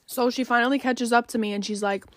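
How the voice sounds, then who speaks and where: A woman's voice: fairly high pitch, fairly even intonation, fast, no room sound. A woman telling a casual storytime close to a phone mic, chatty with lots of "like" fillers and casual swearing.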